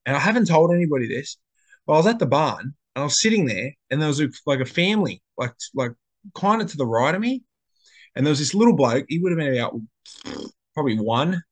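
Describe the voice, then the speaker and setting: A man's voice: fairly high pitch, sing-song, fast talker. Chatty man telling stories. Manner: rambling storyteller, slangy, many restarts. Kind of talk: casual chat.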